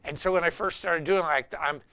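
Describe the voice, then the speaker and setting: Gravelly, bright-voiced guitar teacher. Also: male voice, fairly high pitch, a little fast. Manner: animated, rambling, anecdotal. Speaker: guitar teacher and show host. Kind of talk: live-streamed guitar lesson.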